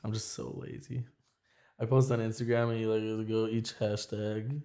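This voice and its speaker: Gravelly young man rambling in chat. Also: on the low side, flat delivery, normal speed, mellow. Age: young adult. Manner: rambling, full of restarts and "like". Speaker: podcast guest. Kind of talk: casual chat.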